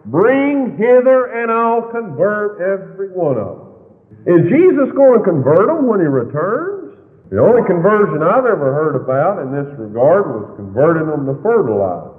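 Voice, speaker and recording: A man preaching a fiery sermon, with sudden loud, high swings in his delivery. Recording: tinny, lo-fi recording in a long-echo hall.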